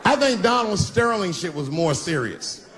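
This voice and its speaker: A man's voice: high-pitched, big pitch swings, moderate pace, a crowd in the background. A middle-aged man doing a stand-up comedy set, brash and crude, on a live stage with a handheld mic. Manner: brash, crude punchlines with mocking asides. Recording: live stage recording with audience noise.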